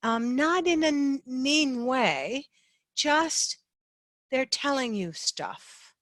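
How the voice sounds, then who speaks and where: A woman sales trainer giving an instructional talk in a measured, clear way. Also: sits high, expressive, a bit bright, no echo. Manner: measured, clear, demonstrating tones.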